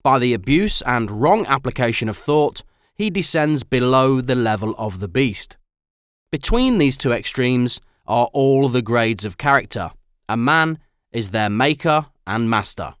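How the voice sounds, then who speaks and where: A man narrating an audiobook in a measured, expressive reading style. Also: medium pitch, no echo, studio quality. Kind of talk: scripted narration.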